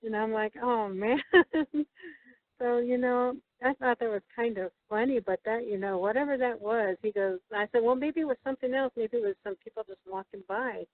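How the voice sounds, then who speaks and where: A woman guest telling a story in a halting, casual way, with many fillers and restarts as she quotes other people. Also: on the high side. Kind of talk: casual storytelling over the phone. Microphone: telephone. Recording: tinny dry phone line.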